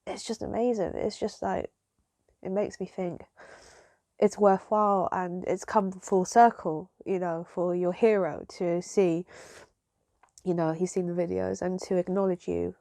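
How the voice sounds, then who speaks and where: A woman talking straight to camera in a casual vlog, her voice low and mellow with a gravelly fry running through it. She rambles emotionally, circling back with fillers and restarts, in a dry, close-sounding room. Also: steady tone, measured pace, no room sound. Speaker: vlogger. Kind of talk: casual chat.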